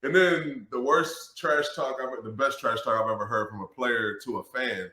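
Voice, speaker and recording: A man who is a former pro football lineman, telling stories in a casual interview, animated and laughing, swearing freely. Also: mid-range voice, normal speed. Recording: roomy echo.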